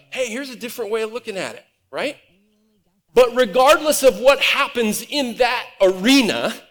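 A man from Nebraska preaching a conversational, animated sermon from a church stage. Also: high voice. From Nebraska, USA. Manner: conversational and animated, acts out quoted voices. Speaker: pastor. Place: church auditorium. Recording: reverberant hall.

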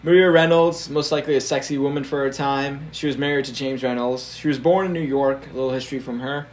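A man's voice: mid-range voice, fairly even intonation, fast talker. A young man co-hosting a casual history podcast, telling the story with fillers and frequent laughter.

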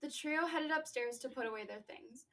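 A young woman co-hosting a casual book podcast, recapping a chapter and riffing with quick asides. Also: sits high, a bit bright, distant mic, low-quality recording. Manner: chatty, recaps then riffs with quick asides. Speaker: book discussion podcast host.

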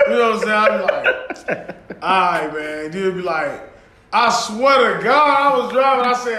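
Male podcast co-host, high bright voice, animated storyteller, echoey room. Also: normal speed. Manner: animated storytelling with acted-out quotes and frequent laughter. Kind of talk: casual podcast chat.

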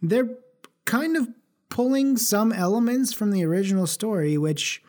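A man's voice: high-pitched, lively intonation, moderate pace, a little mellow. A man co-hosting a podcast in casual chat, blunt, laughing along and summing up the story. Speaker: podcast co-host.

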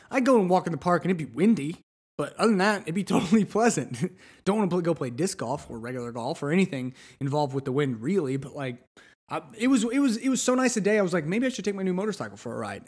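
A man hosting a podcast alone, talking in a loose, rambling way with frequent restarts and asides. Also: a little high. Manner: rambling, conversational, many restarts and fillers. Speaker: podcast host. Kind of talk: solo podcast monologue.

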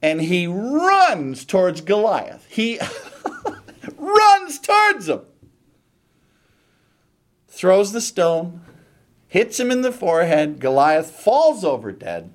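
A man's voice: high voice, very animated, slow pace. A man preaching a sermon, retelling a scripture story dramatically and animatedly.

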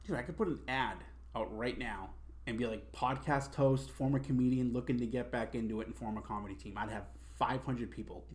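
A man's voice: mid-range voice, a little fast. A young man hosting a podcast, chatting casually with lots of swearing and restarts. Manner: rambling, swears, many restarts. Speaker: podcast host. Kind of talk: casual chat.

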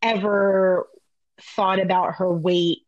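A woman's voice: mid-range voice, flat delivery, slow, no echo, highs cut off. Candid, chatty woman in casual talk. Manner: candid and chatty, swears freely, many fillers. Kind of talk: casual chat.

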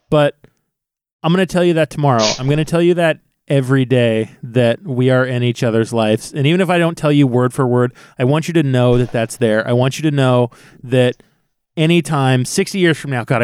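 A man's voice: mid-range voice, clean tone, dry recording. A male podcast host, tipsy from drinking, speaking earnestly and with heart while swearing freely. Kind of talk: casual podcast chat.

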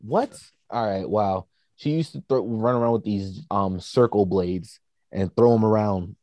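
A man's voice: on the low side, measured pace, dark tone, no room sound. A man casually chatting as a podcast co-host, rambling with lots of fillers. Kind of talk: casual chat.

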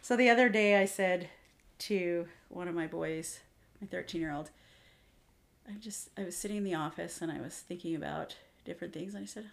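A woman's voice: lowish voice, moderate pace, gravelly, pauses often. A woman in her forties chatting casually as a co-host, telling stories and acting out her children's voices. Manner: animated storyteller, acts out her kids' voices. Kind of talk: casual chat.

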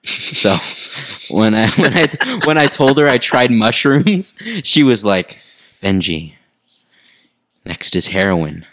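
A man's voice: medium pitch, lively intonation, measured pace, a bit bright, dry recording. A young man, a guest on a casual podcast, joking and laughing often and restarting his sentences. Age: young adult. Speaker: podcast guest, coaching client.

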